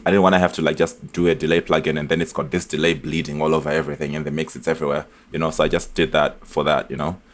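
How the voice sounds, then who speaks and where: A man explaining his music production in a casual tutorial, chatty and relaxed, with frequent fillers and restarts. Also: rumbling low, rapid-fire, hardly any pauses. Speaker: music producer demonstrating a beat remake. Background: beat elements playing from the project.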